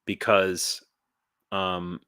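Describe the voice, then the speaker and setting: A man talking casually on his vlog, halting and rambling with many restarts, tired and dehydrated, blunt and ranty. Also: low voice, level tone, pushed and bright, smooth, no room sound, clean studio sound. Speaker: YouTuber and volunteer in Ukraine.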